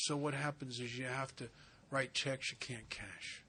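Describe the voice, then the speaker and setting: A man speaking at a recovery retreat, telling funny stories in an animated, joking way with slangy asides. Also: mid-range voice, unhurried, husky. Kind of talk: humorous storytelling talk. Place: retreat center meeting.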